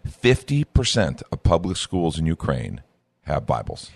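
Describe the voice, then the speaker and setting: A man's voice: extremely low pitch, sing-song, a little slow, vocal fry, breathy edge, no room sound. A man hosting an interview, affirming and asking follow-up questions. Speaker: host.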